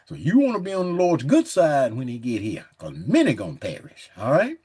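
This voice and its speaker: A man teaching from the Bible in a casual, folksy way, reading scripture slowly and breaking in with chuckling asides. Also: medium pitch, huge pitch swings, mellow, breathy edge. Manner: chuckles often, says "man" and "look" a lot.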